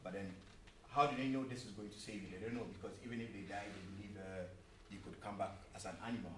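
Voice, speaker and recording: Speaking quickly in a lowish, fairly level voice, a preacher delivers an earnest sermon that includes a joke, repeating himself and posing rhetorical questions. He was recorded from a distance in a church hall, with roomy echo and a faint hum.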